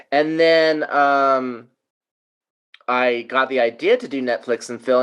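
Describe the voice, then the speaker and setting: A man's voice: medium pitch, clear, resonant tone, poor audio. A man hosting a podcast in casual chat, who gets teary and laughs easily. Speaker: podcast host.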